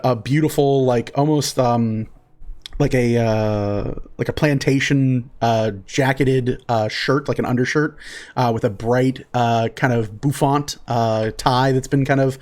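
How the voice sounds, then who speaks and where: A man's voice: medium pitch, darkish tone. Rambling man running a tabletop game. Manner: loose, filler-heavy description. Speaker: game master.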